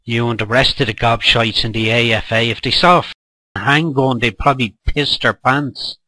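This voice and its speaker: A man's voice: medium pitch, steady tone, normal speed, bright, forceful tone, low-quality recording. Heated, swearing middle-aged Irish man. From Ireland. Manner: heated, profane, scolding. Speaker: political vlogger. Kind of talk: angry rant to camera.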